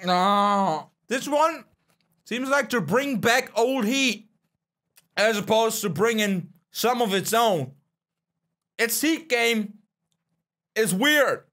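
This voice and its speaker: A man's voice: high voice, expressive, slow, long pauses. A young man doing gameplay commentary while eating hot peppers, pained and coughing, swearing and groaning. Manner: swearing, yelling and groaning in pain. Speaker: gaming YouTuber.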